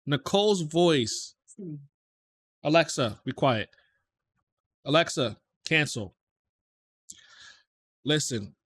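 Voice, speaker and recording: A man's voice: medium pitch, a bit bright. A man hosting a reaction video, talking casually and repeating himself as he insists he does not believe a clip. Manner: emphatic, repeats himself in disbelief.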